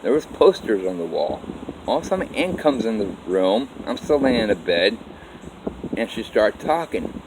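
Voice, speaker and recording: Low-voiced man rambling through his life story. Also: sing-song, background noise. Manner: rambling, halting, with restarts and "I'm like" quotes. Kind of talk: casual first-person life story.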